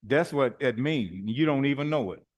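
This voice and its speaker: A middle-aged man preaching in a relaxed, colloquial way. His voice sits at an ordinary middle pitch. He moves through personal stories with lively swings and chuckles between phrases. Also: normal speed. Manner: animated, colloquial, laughs mid-sentence. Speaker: bishop. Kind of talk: informal sermon with personal stories.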